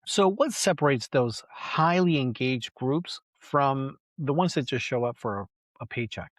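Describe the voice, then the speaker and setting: A male podcast host asks measured, conversational questions. His voice sits at a middle pitch, recorded close and dry with no room echo. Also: animated. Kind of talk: interviewer questions.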